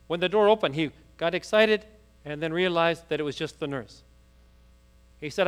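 A man preaching a sermon, telling a story rapidly and then rising into fervent, emphatic preaching. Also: on the high side, smooth.

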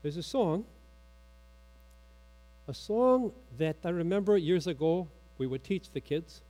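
A pastor preaches a sermon in a slightly high, animated, mellow voice, speaking a little slowly. He teaches through questions, reads catechism quotations aloud, and lets his voice drop dramatically for emphasis.

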